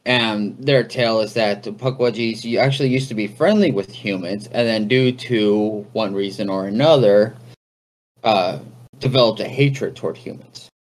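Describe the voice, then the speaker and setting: A man's voice: on the low side, moderate pace. A man hosting a casual talk on folklore, speaking conversationally with fillers and asides. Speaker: podcast host.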